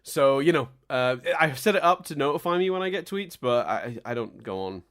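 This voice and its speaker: A man's voice: medium pitch, lively intonation, fairly quick, fairly bright tone. Jokey man hosting a podcast. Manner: jokey, chatty, teasing. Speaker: podcast host. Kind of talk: casual podcast chat.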